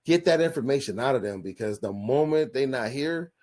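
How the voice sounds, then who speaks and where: A man's voice: medium pitch, lively intonation, a little fast, a little mellow. A man in his forties hosting a podcast, telling rambling, profanity-laced stories in a casual chat and often repeating himself. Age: 40s. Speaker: podcast host. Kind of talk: casual storytelling.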